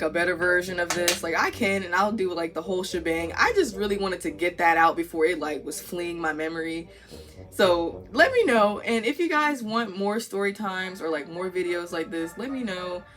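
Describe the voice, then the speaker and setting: A woman's voice: lowish voice, fairly bright tone. A young woman telling a story to camera in a casual vlog, acting out the voices of the people in it. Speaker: vlogger.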